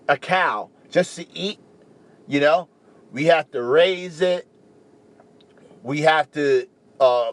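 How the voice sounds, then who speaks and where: A young man from the Caribbean, rambling in a casual, animated talk to camera and peppering his speech with "you know". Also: fairly high pitch. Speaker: vegan speaker.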